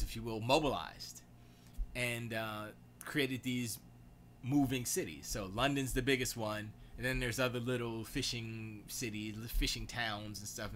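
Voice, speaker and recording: A man's voice: mid-range voice, sharp tone, a little hiss or hum. A man hosting a casual livestream, rambling and reading chat comments aloud as he goes. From United States. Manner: rambling, reads chat aloud, self-correcting. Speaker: livestream host.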